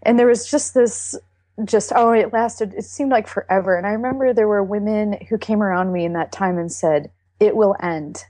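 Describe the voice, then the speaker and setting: A woman's voice: medium pitch, normal speed, dark tone, dry recording. A middle-aged woman from Texas tells her faith testimony in an earnest, emotional way. She halts and restarts as she talks. Her voice sounds close and dry. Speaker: interview guest.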